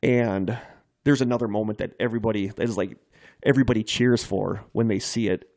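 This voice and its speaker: A man's voice: on the low side, fairly even intonation, brisk, darkish tone, no echo, clean studio sound. A man co-hosting a podcast in casual chat, retelling scenes in eager detail. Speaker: podcast co-host.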